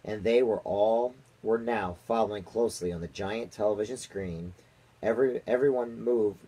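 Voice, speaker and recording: A man reading a children's book aloud to his daughter, with steady storytelling and small slips. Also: lowish voice, normal speed, husky, poor audio.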